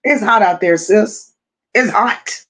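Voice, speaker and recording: A woman's voice: medium pitch, slow pace, fairly bright tone. A woman hosting a casual livestream, affectionately greeting viewers one by one and reading their comments aloud. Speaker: livestream host.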